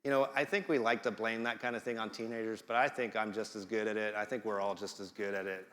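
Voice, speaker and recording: A man's voice: on the low side, level tone, fast talker, a bit bright. Playful man preaching in a reverberant hall. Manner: conversational, playful, acts out quoted voices. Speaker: guest preacher. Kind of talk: sermon. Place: church sanctuary.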